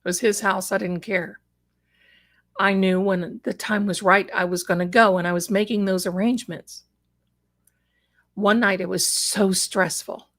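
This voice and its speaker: A middle-aged woman, a psychic guest on a live stream, tells a personal story with emotion and acts out the voices of the people in it. Her medium-pitched, fairly bright voice stays fairly even, at a measured pace with long pauses.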